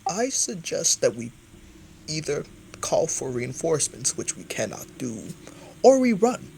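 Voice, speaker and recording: A man playing a tabletop game, talking quickly and animatedly with lots of "like". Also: a little high, vocal fry. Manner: quick, animated, says "like" a lot. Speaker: player. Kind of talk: casual tabletop play.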